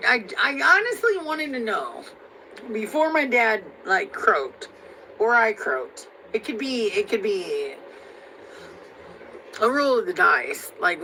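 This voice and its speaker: A woman's voice: mid-range voice, gravelly, bright, forceful tone, slight background noise, rough recording. A young woman from Missouri in a heated, profane, rambling rant, stacking up fillers as she vents. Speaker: vlogger.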